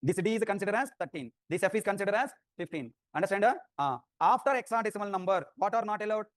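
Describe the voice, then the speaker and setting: High, fast-talking male teacher. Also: expressive, dry recording, studio quality. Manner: drilling questions, repetitive, teasing students. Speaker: programming teacher. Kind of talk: classroom lecture with questions. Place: classroom.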